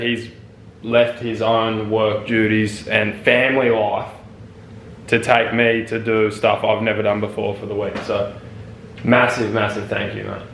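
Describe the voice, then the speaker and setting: A man's voice: fairly low pitch, fairly bright tone, slight background noise. Man, Australian accent, laid-back, candid, slangy casual chat, echoey room. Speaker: fishing video maker visiting as a guest. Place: home kitchen, indoors. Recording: echoey kitchen.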